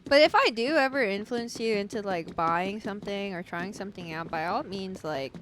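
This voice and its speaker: A woman's voice: mid-range voice, expressive, normal speed, slight background noise. A woman streaming a video game, chatting casually with her viewers, full of filler likes and laughing at herself. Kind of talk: casual gameplay livestream chat. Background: game music.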